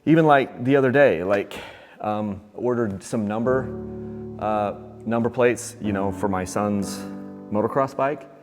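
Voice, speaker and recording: Man, forties, earnest and rambling workshop vlogger; low voice, reverberant shop with soft music. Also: unhurried. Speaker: dirt bike channel host. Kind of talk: casual vlog while doing an oil change. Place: home workshop.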